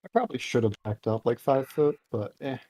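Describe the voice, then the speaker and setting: A man's voice: mid-range voice, animated, fairly quick, dark tone, slight background noise. A man playing a tabletop game, giving mumbled short replies. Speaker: player. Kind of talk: casual game chat.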